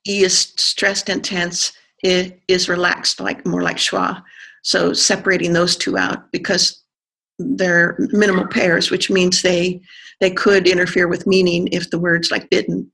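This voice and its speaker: An accent coach explaining pronunciation in conversation, pausing to think and sounding out vowels to demonstrate. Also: mid-range voice, level tone, gravelly, pushed and bright. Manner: thoughtful, pauses with fillers, sounds out vowels to demonstrate.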